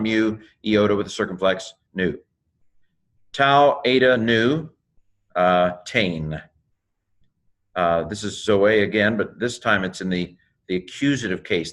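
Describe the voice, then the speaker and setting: A man teaching New Testament Greek in a casual video lesson, naming the letters one at a time with fillers and quick asides to the viewer. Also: fairly low pitch, a bit bright. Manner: spells out Greek letters one by one, with many fillers and self-corrections.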